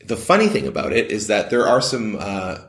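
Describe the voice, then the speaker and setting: A man's voice: on the low side, big pitch swings, a little fast. A man, a playwright and director, talking casually in an interview, rambling with many restarts. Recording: echoey room.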